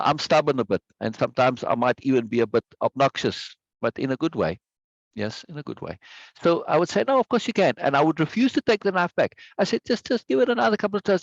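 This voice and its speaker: A man's voice: fairly high pitch, no room sound. A middle-aged man teaching an online course, telling stories emphatically and often checking in with "right?". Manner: emphatic, storytelling, frequent "right?". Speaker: course instructor. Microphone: video call mic. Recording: dull lo-fi meeting audio.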